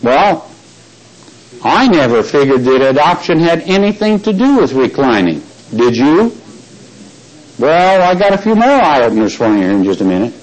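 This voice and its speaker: A man preaching a Bible teaching sermon, stressing key words slowly and quizzing the congregation with questions. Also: fairly high pitch, sing-song, rough recording.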